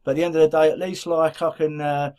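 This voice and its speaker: A middle-aged man with a Black Country accent talks through a casual podcast chat. His voice sits a touch high for a man. He rambles, repeating words and starting over as he goes. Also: little pitch movement, fast talker, a little mellow. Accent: Black Country English. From England. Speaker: podcast co-host.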